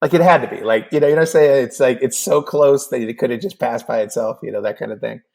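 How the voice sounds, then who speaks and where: Gravelly man in his fifties telling a story. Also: medium pitch, quick pace. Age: 50s. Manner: animated, acts out dialogue with many fillers. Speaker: podcast guest. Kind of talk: casual storytelling.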